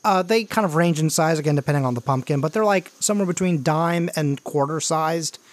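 A man's voice: on the high side, a little fast, no room sound. A man narrating a tabletop role-playing game as game master, in loose, filler-heavy talk.

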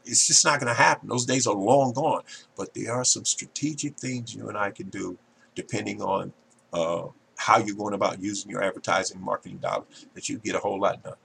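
A man hosting a marketing podcast, talking straight to listeners in an emphatic, salesy way and often addressing them as ladies and gentlemen. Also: on the low side, fairly quick, creaky, a little hiss or hum. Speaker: podcast host.

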